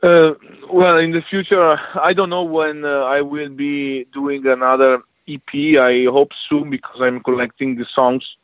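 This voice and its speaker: A man's voice: on the high side, little pitch movement, dry recording. A man with a strong Italian accent, for whom English is not his first language, answering interview questions about composing music and hesitating often with fillers and restarts. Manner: halting, many fillers and restarts. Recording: tinny phone-like line, dry.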